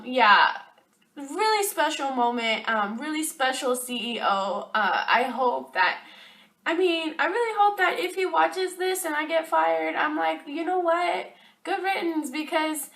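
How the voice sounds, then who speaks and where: A young woman talks to camera in a casual rant about her job, filling it with lots of fillers. Her voice is high, pushed, and bright, and she's recorded a little far from the mic.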